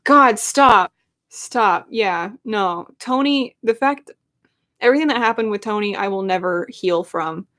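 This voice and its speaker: A woman's voice: mid-range voice, measured pace, fairly bright tone. A young adult woman who is a YouTuber, chatting casually and emotionally on a live stream in a rambling way. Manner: emotional, rambling fan talk.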